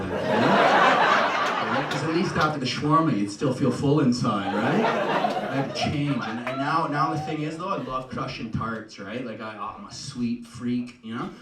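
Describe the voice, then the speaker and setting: A Canadian stand-up comedian with a mid-range voice at normal speed does a profane, rambling set, tagging lines with "right?" and "you know?". The recording is from an echoey live room with the mic heard at a distance, loud noise and loud audience laughter.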